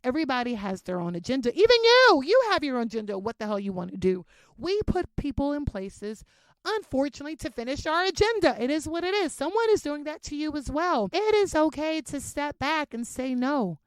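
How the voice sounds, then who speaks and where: Profane, animated woman podcaster, dry sound. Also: high voice, a little fast, dry recording. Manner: animated, profane, talks straight to listeners. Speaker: podcast host. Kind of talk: casual self-help monologue.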